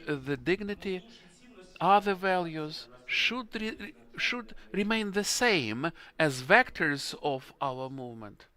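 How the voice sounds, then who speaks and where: Male panelist, halting and emotional, bright and forceful tone. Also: on the high side, lively intonation, clean tone. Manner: halting, earnest, emotional, searching for English words. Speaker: forum panelist. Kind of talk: panel discussion answer.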